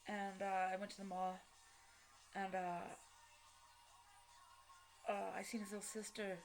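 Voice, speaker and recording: A woman telling her personal story in a halting, blunt way, with many fillers and restarts. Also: mid-range voice, level tone, faint music behind. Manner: blunt, with casual swearing. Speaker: vlogger.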